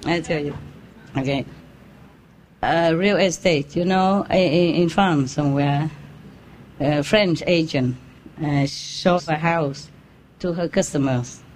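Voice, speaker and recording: A woman telling a joke to a crowd in halting English and laughing often. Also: low voice, a little mellow. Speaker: speaker telling a joke to an audience. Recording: crowd and noise in room.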